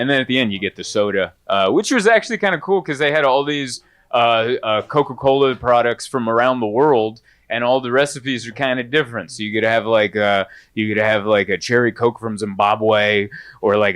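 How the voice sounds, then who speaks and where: Bright-voiced rambling stand-up comedian. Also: male voice, fairly low pitch, normal speed, smooth. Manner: rambling, animated storytelling with many fillers.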